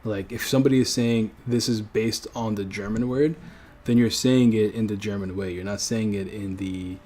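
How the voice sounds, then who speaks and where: With a fairly low, mellow voice and fairly even intonation, a man from a French-speaking country streams at a moderate pace. His talk is casual and rambling, dotted with self-corrections and frequent chuckles.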